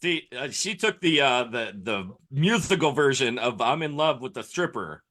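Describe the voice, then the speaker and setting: Male comedy podcast co-host, mid-pitched, animated, hams up the storytelling. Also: normal speed. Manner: playful, dramatic storytelling. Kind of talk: casual comedy podcast banter.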